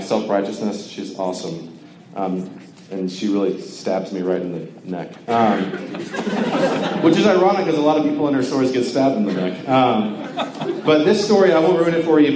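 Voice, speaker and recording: A man's voice: mid-range voice, darkish tone. A young man from Georgia preaching a casual sermon, conversational and joking, with lots of filler words. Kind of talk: casual sermon to a campus crowd. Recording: echoey hall with faint ambience.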